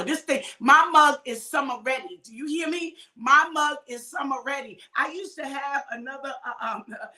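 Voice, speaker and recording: High bright exhorting woman preacher. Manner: exhorting, calls out viewers by name, often shouts. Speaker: minister hosting a midday livestream. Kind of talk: informal preaching to online viewers.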